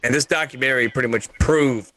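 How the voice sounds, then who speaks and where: A man co-hosting a podcast, chatting casually about wrestling in an emphatic, animated way and swearing freely. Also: mid-range voice, fast talker, a little hiss or hum. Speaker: podcast co-host.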